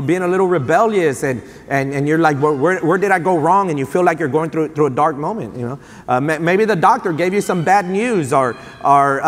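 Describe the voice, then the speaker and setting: A man, preaching a sermon in a church sanctuary and telling stories in an animated way, with many fillers and restarts. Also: medium pitch. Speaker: pastor. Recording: long reverb of a church sanctuary.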